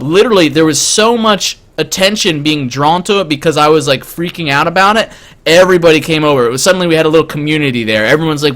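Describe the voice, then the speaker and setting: A man streaming, telling a story casually in an excitable way, stammering and packing in fillers. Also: on the high side, quick pace.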